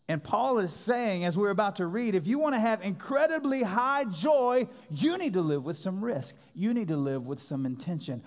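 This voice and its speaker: A man in his thirties preaching a sermon as pastor, impassioned, swinging between loud emphasis and quiet intensity. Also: high-pitched. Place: church sanctuary. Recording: long hall reverb.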